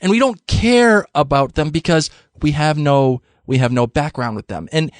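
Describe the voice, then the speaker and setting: A man's voice: fairly high pitch, normal speed, dry recording. A young man hosting a podcast, rambling casually with frequent laughter and restarts. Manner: giggly, rambling, many restarts. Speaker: podcast host.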